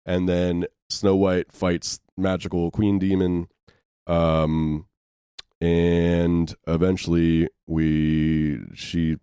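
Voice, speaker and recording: A man's voice: low voice, mellow, clean tone, no room sound, studio quality. A man co-hosting a casual movie review podcast, talking in loose, rambling sentences full of fillers. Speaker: podcast co-host.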